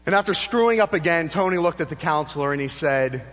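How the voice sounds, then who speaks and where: Pastor guy preaching, kinda high voice, long echo in the church, goes loud then real quiet. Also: animated, fast. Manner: preaching, swinging from rising emphasis to hushed low delivery. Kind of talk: sermon.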